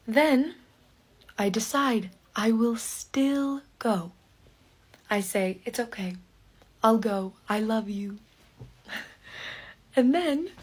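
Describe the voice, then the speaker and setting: A woman telling a personal story in a slow podcast for learners, in short phrases with pauses and some words whispered. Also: fairly high pitch. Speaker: podcast speaker.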